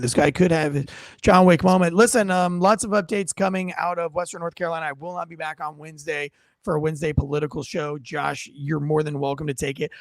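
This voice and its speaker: A man's voice: a little high, fairly even intonation, a little fast, creaky, no echo, clean studio sound. A man hosting a casual political podcast, ranting and swearing in a mocking way. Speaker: podcast host.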